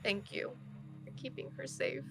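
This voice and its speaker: A woman voicing a weary young woman, remorseful and near tears, speaking softly and breathily. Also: unhurried, music in the background, lightly acted. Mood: grateful.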